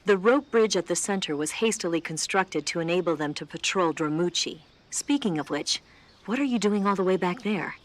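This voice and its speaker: A woman's voice: lowish voice, close to an everyday voice. A woman playing a cool composed female spy. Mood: calm. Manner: calm, measured briefing. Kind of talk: video game radio dialogue.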